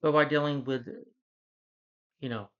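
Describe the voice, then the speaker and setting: A man's voice: medium pitch, steady tone, moderate pace, a bit bright. A man giving a casual spoken film review, rambling and repeating himself as he recaps the plot with frequent restarts. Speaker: movie reviewer. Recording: slightly dull, lo-fi recording.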